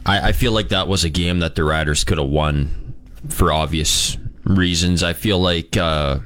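A man's voice: deep voice, moderate pace, a bit bright, dry recording. A man co-hosting a sports talk radio show, talking things through hesitantly with many restarts.

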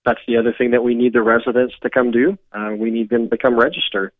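A man's voice: medium pitch, little pitch movement, fast, dry recording. A man speaking as a community services director in a radio phone interview, hesitant with many fillers. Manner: hesitant, many ums and uhs. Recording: tinny phone line.

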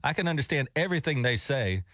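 A man's voice: mid-range voice, sing-song, quick pace, a bit bright, no room sound, clean studio sound. Easygoing male morning radio host. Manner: easygoing, reasonable, reads station promos. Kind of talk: casual radio banter.

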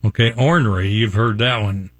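A man's voice: fairly low pitch, moderate pace, slightly rough, no echo. An older man from West Virginia hosting a casual morning radio show, folksy and chuckling as he reads out examples. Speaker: radio host. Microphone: studio microphone.

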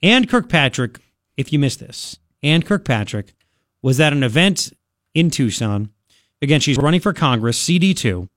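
Man, talk radio host, opinionated, rambling, sarcastic, somewhat high-pitched. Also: very animated, normal speed, a bit bright, no room sound, studio quality.

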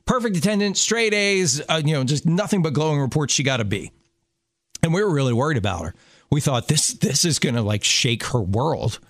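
A middle-aged radio show co-host with a fairly high, slightly bright voice chats animatedly and fairly quickly, telling family stories. He often restarts and corrects his sentences, and the recording is studio quality with no room sound.

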